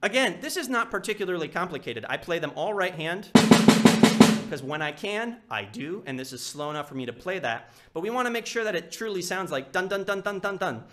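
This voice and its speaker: Guy teaching snare, kinda high voice, counts out loud and scats the rhythms, heavy drumming behind him. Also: sing-song, brisk, loud music behind the voice. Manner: counts aloud and sings rhythms with syllables. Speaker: percussion teacher. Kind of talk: live instructional walkthrough.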